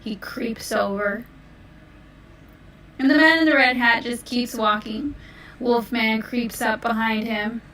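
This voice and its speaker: A woman telling a story in a playful, unhurried manner. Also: a little high, fairly even intonation, a bit bright, a little hiss or hum. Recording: roomy, distant mic.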